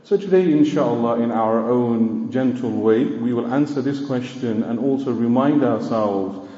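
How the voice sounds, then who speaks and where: A man preaching a sermon with emphatic, drawn-out words and rising exclamations. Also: mid-range voice, dark tone. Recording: dull, echoey hall.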